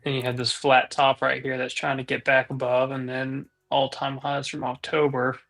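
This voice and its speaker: A man's voice: medium pitch, completely flat delivery, moderate pace, fairly bright tone. A man co-hosting a live trading stream who calls out incoming trades in casual chat. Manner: calls out trades as they come in.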